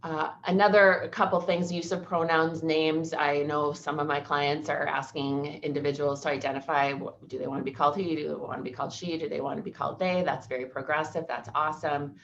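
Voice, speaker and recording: A woman presents an employment law seminar. She speaks in a conversational, storytelling manner with a low voice. The recording is muffled, with faint noise behind her. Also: steady tone, fairly quick, creaky, hardly any pauses.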